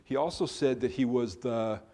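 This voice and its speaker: Male preacher, average pitch, chatty teaching sermon delivery. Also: normal speed, mellow. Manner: conversational, explaining scripture with self-corrections. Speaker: pastor.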